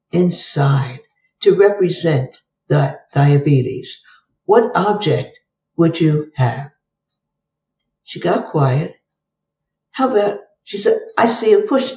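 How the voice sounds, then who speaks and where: An older woman guest tells case stories and acts out both sides of each exchange in a lively way. Her voice is warm and dark. It sounds dull and roomy, as if she sat back from the microphone. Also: lowish voice, recorded from a distance. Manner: lively storyteller who acts out the dialogue. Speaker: guest psychologist. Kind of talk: telling case stories in an interview.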